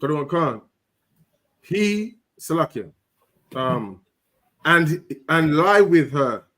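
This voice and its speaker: Man, slow halting scripture reading, slightly high voice. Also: lively intonation, a bit bright. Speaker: scripture reader. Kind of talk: reading verses aloud.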